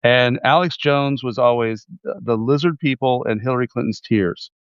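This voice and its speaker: A man hosting a casual interview, quick and joking. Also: mid-range voice, clear, resonant tone, no echo. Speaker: host. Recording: dull lo-fi sound.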